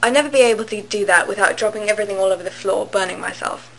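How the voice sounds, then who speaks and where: A young woman reading aloud a wary, flustered teenage girl from a novel, quick and questioning. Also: medium pitch, vocal fry, a little hiss or hum, close to an everyday voice, poor audio.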